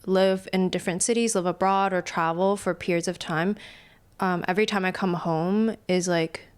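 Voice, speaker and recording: A woman's voice: on the low side, fairly even intonation, normal speed, clean tone. Reflective, laughing woman guest chatting. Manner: reflective, laughs often, speeds up when retelling stories. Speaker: podcast guest. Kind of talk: casual chat.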